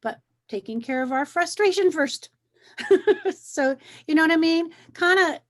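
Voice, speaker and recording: A woman hosting a wellness conversation, coaching gently and encouragingly, often repeating phrases to make her point. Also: high voice, expressive, measured pace. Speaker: wellness talk host.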